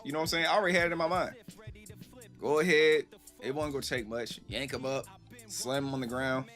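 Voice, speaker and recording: Rambling, animated man streaming live. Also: medium pitch. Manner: animated, acts out quoted voices, loose and rambling. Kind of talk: casual storytelling to chat.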